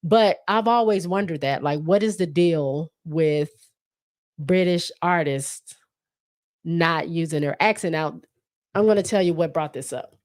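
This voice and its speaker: A low-voiced woman talks through her solo podcast, loose and chatty. She drifts between thoughts and leans on fillers and restarts. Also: measured pace, darkish tone. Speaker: podcast host. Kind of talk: casual solo podcast chat.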